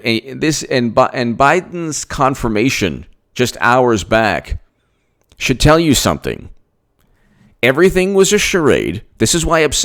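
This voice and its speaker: Male political commentator, lively swooping delivery, emphatic and repetitive, rhetorical questions. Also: medium pitch. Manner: animated, laughs between points. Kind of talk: opinionated political monologue.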